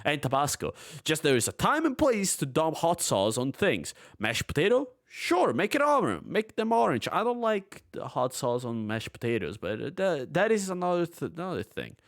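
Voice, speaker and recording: A man's voice: on the high side, wildly swooping pitch, moderate pace, few pauses. A young man streaming from his room at home, reading forum posts aloud and breaking into heated, profane rants.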